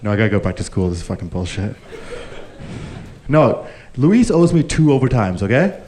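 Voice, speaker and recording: A man's voice: on the low side, very animated, moderate pace, a little mellow, pitched below the performer's own voice. A man voicing a grumpy, overworked male tour horse that swears and complains about his job and the tourists. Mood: grumbling.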